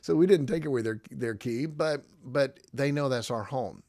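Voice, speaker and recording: A man's voice: mid-range voice, normal speed, a little mellow, no echo, studio quality. A middle-aged man, a pastor, giving casual podcast teaching in a conversational, emphatic way, often checking in with "okay?".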